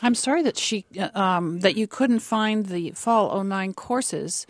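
A woman with a Canadian accent answers callers on a radio show in a friendly way, with some fillers. Her pitch sits in the middle range. The sound is dry and close. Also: measured pace, no echo. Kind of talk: radio call-in chat.

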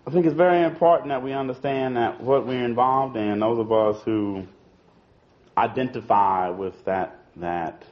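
This is an informal political talk to an audience by a man whose voice is mid-range and whose speed is normal. He speaks conversationally, repeats words, and keeps saying "you know" and "see," captured on a dull lo-fi archival recording.

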